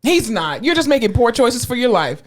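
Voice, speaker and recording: A woman's voice: fairly high pitch, sing-song, moderate pace. A woman co-hosting a podcast in casual chat, ranting bluntly and swearing freely. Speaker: podcast co-host.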